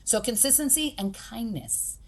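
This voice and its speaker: A woman's voice: on the high side, moderate pace. A woman being interviewed as a podcast guest. She speaks directly and pragmatically, with emphasis, and acts out the people she quotes. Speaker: podcast guest, boxing gym owner. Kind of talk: conversational interview.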